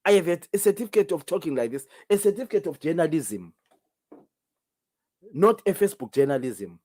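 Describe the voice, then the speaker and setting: A man's voice: on the high side, big pitch swings, brisk, mellow. A Zimbabwean man, a native Ndebele speaker, hosting a call-in talk show alone, emphatic and firing off rhetorical questions. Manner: emphatic, many rhetorical questions, repeats himself. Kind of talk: solo call-in show commentary.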